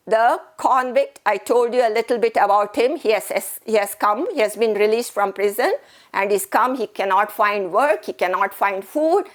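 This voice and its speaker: A woman teacher, explaining a story patiently, repeating herself and asking questions. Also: a little high. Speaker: English teacher. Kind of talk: recorded classroom lesson.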